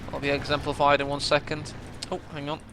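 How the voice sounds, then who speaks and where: A man casting a strategy game match, chatty play-by-play that bursts into excitement at big moments. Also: fairly high pitch, brisk, background noise. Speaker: game caster.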